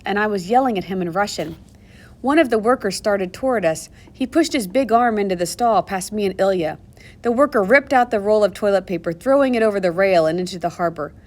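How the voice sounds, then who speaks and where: A woman narrating a novel aloud in the first person, expressive and moving between hushed and urgent tones. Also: medium pitch. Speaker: audiobook narrator.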